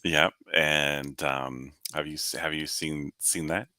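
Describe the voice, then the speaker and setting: A man co-hosting a casual live chat, joking and laughing often, with halting restarts. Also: rumbling low, steady tone, pushed and bright, no echo. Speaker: co-host.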